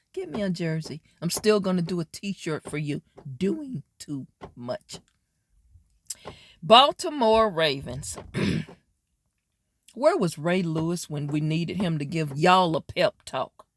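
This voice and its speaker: A woman doing a casual sports wrap-up, sassy and animated, talking straight at teams and players. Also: on the low side, takes it slowly. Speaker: sports commentary vlogger.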